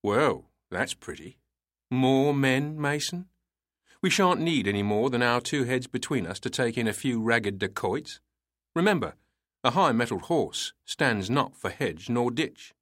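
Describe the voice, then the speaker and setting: A man's voice: medium pitch, animated, unhurried, a bit bright, no room sound, studio quality. A man voicing a boastful, seasoned colonial police officer who lectures his junior in proverbs. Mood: condescending.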